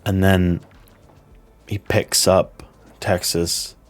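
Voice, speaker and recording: Man, game master, very deep voice, slow measured narration. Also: little pitch movement.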